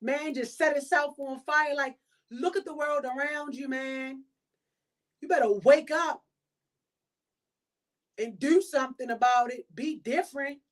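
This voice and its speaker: A woman's voice: high voice, unhurried, pauses often. Emphatic woman podcast host, preaching. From Baltimore. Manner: preachy, emphatic, repeats points. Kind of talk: motivational monologue.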